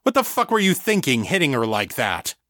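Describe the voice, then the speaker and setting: Dude voicing a tense cursing crook, strained and edgy, dry sound. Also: male voice, fairly high pitch, big pitch swings, measured pace, sharp tone, dry recording, voice pushed up, heavily acted. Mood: angry. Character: rough male criminal, panicky but protective.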